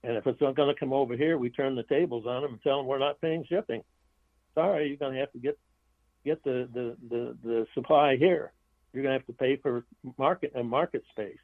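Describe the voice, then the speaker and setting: A man's voice: medium pitch, brisk, no echo. Guy on a phone line, tinny sound, dry, stops and restarts a lot, blunt opinions. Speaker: author and guest. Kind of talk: interview over the phone.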